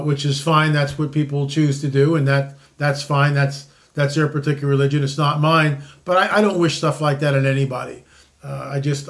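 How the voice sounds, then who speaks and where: A man in his late sixties delivers an opinionated commentary monologue as host. His voice sits unusually high for a man. He rambles, breaks off mid-sentence and restarts, and keeps adding asides. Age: 60s.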